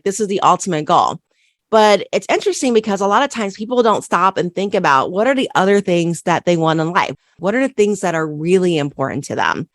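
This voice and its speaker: A woman's voice: lowish voice, no room sound, studio quality. A woman accountant hosting a solo business podcast, coaching listeners and repeating key questions with frequent "right?" checks.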